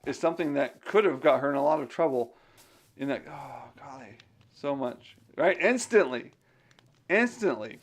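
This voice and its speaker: A man's voice: mid-range voice, animated, moderate pace. A man streaming a game, casually chatting to himself and his viewers between thoughts on scripture. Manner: chatty, talks to himself while playing. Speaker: game streamer and digital missionary. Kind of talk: casual chat while gaming and reading scripture.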